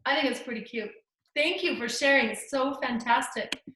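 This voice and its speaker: High-voiced, gushing woman art teacher. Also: moderate pace, a bit bright, slight background noise. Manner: gushing, encouraging praise. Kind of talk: live online kids' art class. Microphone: video call. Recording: echoey room.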